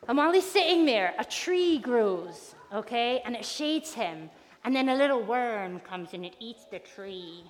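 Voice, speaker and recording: A woman giving a lively all-age church talk, playful and animated, asking the children questions as she retells a story. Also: a little high, moderate pace. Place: church hall. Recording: long reverb in a church hall.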